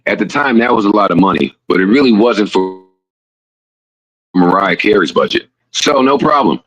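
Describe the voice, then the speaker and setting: A male streamer reading a story aloud, lively, acting out the quoted voices. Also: on the low side, moderate pace, low-quality recording.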